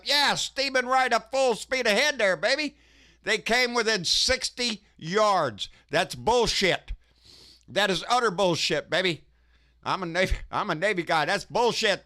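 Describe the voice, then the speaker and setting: A man rants through his commentary in a high, bright voice. He is profane and folksy and keeps calling his listeners "baby.". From Texas. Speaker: political commentary host. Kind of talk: casual ranting commentary.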